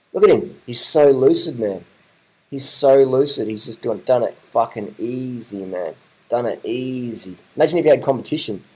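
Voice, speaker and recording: A man giving casual, excited commentary over race footage, repeating his phrases and swearing now and then. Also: medium pitch.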